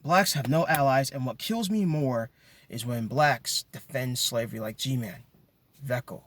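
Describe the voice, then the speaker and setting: A video commentator rants emphatically to his viewers in an impassioned monologue, often repeating words as he gets worked up. His voice is mid-range and unhurried.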